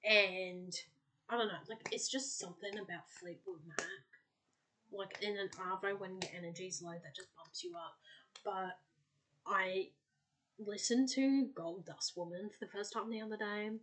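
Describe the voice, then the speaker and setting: A woman's voice: medium pitch, measured pace, fairly bright tone. A woman hosting a podcast, chatting casually and bubbly, with lots of filler words. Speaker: podcast host.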